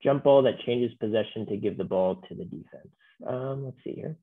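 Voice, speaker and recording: A man walking through software in a webinar, relaxed and full of fillers. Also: mid-range voice, normal speed. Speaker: software trainer. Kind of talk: webinar walkthrough. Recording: tinny phone-like line.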